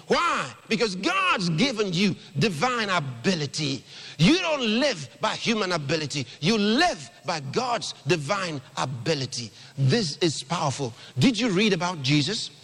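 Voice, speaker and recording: A male preacher with a high voice that leaps all over its range. His delivery is bright and forceful, heard with a long hall reverb. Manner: exclamatory, calls on the congregation to repeat scripture. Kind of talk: sermon.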